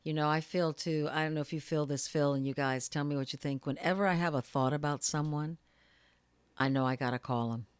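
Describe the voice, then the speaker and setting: A middle-aged woman with a very low voice co-hosts a casual live talk, recorded close and dry. She tells stories with easy laughter and acts out the people in them. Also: steady tone, fairly quick, clear, resonant tone, no room sound. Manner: warm storyteller who laughs easily and acts out voices in her anecdotes. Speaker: co-host. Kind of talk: casual chat with viewers.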